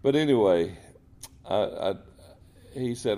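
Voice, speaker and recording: A man's voice: fairly low pitch, lively intonation, a little slow, long pauses, mellow. A man telling faith stories in a folksy, earnest way. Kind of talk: casual Christian talk.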